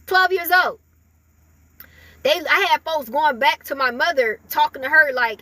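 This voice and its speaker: A woman's voice: high-pitched, normal speed, bright, forceful tone. A woman giving a casual spiritual reading to her viewers, talking in a loose, rambling way full of fillers and laughter. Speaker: spiritual reader.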